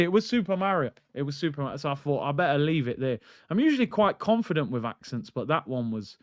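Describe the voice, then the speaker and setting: A medium-pitched man hosts a live football stream, ranting animatedly and reading out chat comments. His streaming mic gives a lo-fi sound with no echo.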